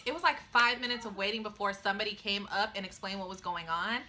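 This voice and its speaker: A woman in her twenties telling a story to her vlog viewers in a casual, animated and emphatic way. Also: medium pitch, quick pace, background noise. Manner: animated, emphatic retelling with exclamations. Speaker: vlogger.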